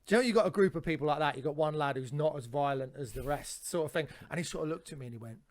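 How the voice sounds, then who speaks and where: A man's voice: fairly high pitch, rapid-fire. A man, a comedian telling rambling anecdotes on a podcast with frequent restarts and swearing. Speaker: comedian guest.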